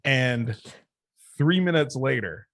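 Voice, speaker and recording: A man's voice: mid-range voice, slow, no room sound. A man telling stories with a laugh. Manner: animated, laughs through his anecdotes. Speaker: podcast guest, wrestling manager. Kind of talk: casual storytelling chat.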